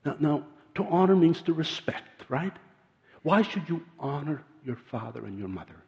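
An older man preaching a sermon, earnest and halting, often repeating words as he tells stories. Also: fairly high pitch, sing-song, creaky, darkish tone. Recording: dull sound in a large reverberant hall.

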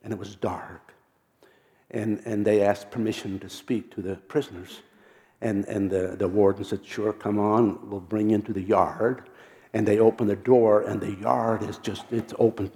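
Gravelly low-voiced male preacher. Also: flat delivery, mellow. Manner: halting, repeats words, drops to a near whisper for quoted lines. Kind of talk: storytelling sermon.

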